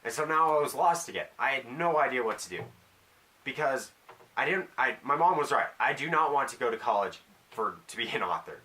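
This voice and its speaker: Rambling teenage guy, bright voice. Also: on the low side. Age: teens. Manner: rambling, self-deprecating, with jokey asides. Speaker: vlogger. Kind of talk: casual rambling vlog monologue.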